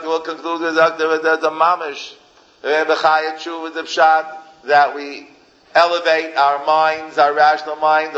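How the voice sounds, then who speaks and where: A man's voice: a little high, pushed and bright, lo-fi sound, slight background noise. A man giving an informal Torah lecture as a rabbi, emphatic and repeating phrases for effect. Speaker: rabbi teaching a class.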